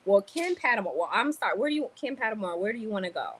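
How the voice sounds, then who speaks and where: Livestreaming from a store in the Dominican Republic, a woman of Cuban roots reads viewer comments aloud in an animated, casual way, sprinkling Spanish words into her talk. Her voice is medium-pitched and quick, and the rough recording carries slight background noise.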